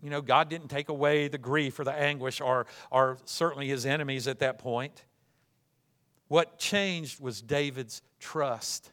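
A man preaching a sermon as pastor, shifting from loud, joyful fervor to quiet, hushed reflection, with frequent repeated starts. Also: mid-range voice, fairly even intonation, measured pace. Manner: repetitive restarts, swings from loud fervent to hushed.

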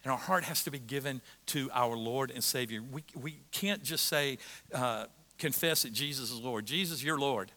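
A middle-aged American man preaching a sermon as pastor, moving between quiet reflection and loud, repeated emphasis. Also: medium pitch, normal speed. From United States.

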